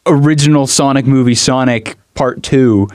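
A man co-hosting a casual podcast chat, bantering quickly with restarts. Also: medium pitch, steady tone, a little mellow, smooth, no room sound, studio quality. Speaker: podcast co-host.

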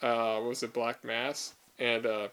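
A man's voice: mid-range voice, little pitch movement, a little slow, fairly bright tone, clean tone. A man co-hosting a laid-back podcast. His voice sits in an ordinary middle range. He teases the others and argues cheerfully, breaking into laughter. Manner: teasing, argumentative, laughs often. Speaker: podcast co-host. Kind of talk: casual movie chat.

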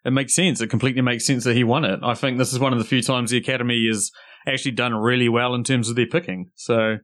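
Relaxed man hosting a film podcast. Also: medium pitch, fast. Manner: relaxed, rambling, talks through his points. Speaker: podcast host. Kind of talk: casual chat.

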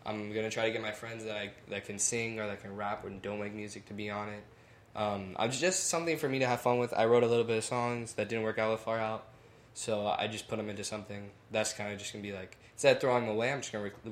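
Laid-back young man with a low voice. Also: fairly even intonation, fast talker. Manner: easygoing, rambling, laughs often. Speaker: musician guest. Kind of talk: casual podcast interview. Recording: echoey room, faint noise.

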